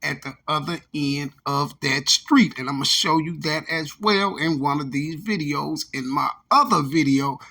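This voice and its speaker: Gravelly bright-voiced man commentating casually. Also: a little high, measured pace, few pauses. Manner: conversational, addresses viewers as y'all, many fillers. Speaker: commentator on a true-crime video. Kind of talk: casual commentary over video clips.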